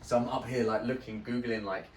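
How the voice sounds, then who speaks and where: A man hosting a podcast, telling a story in a casual, animated way, swearing often and acting out the people in it. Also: mid-range voice, brisk, roomy sound, distant mic, slight background noise. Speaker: podcast host.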